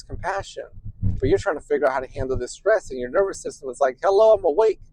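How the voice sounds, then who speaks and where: Animated man therapist, dry close sound. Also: on the high side, dry recording, rough recording. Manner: animated, repeats "right?" often, acts out quoted voices. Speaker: therapist and podcast host. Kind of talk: conversational explanation to listeners.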